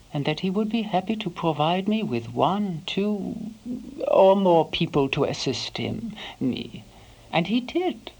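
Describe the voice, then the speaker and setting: A woman playing a devoted elderly housekeeper, recalling her employer in a soft first-person monologue that sometimes sinks to a whisper. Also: fairly low pitch, low-quality recording. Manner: soft-spoken, slips into hushed whispers.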